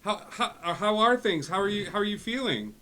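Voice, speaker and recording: A man voicing a doting, fussy father who talks loudly and repeats himself over a magic stone. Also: high-pitched, expressive, a little fast, voice pushed up. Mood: fussy eager. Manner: loud, eager, repeats himself.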